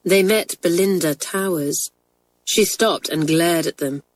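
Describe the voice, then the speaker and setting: A woman narrating a children's storybook in a clear, even manner. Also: lowish voice, a little slow, no echo. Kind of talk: storybook reading.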